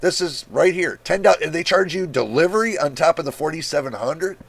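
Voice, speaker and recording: Male tech vlogger, gravelly and a bit high, incredulous blunt rant. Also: expressive, brisk. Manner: exasperated, incredulous, blunt with swearing. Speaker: tech YouTuber. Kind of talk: casual screen-share rant.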